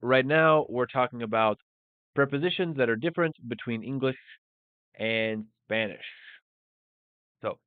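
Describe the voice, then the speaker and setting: A man teaching a live English lesson in a relaxed, think-aloud way, dropping Spanish phrases in as he goes. His voice is smooth and clear, but it comes through a narrow, phone-like line with almost no room sound. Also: medium pitch, a little slow, long pauses, dry recording. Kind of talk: live-streamed language lesson.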